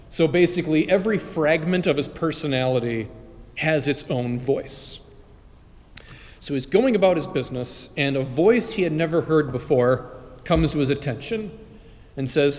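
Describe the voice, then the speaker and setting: Priest preaching with long church reverb. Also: male voice, a little high. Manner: conversational storytelling. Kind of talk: homily. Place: large church.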